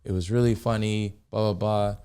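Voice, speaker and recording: A young man, a comedian guest on a podcast, chatting casually and acting out voices in animated stories. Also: on the low side, normal speed, a little hiss or hum. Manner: animated storyteller who acts out voices.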